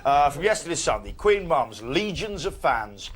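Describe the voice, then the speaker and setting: A man presenting a live breakfast TV show, joking quickly and laughing through his lines. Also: fairly high pitch, sing-song. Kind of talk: jokey live studio banter. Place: live TV studio with audience. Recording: studio with music and crowd noise.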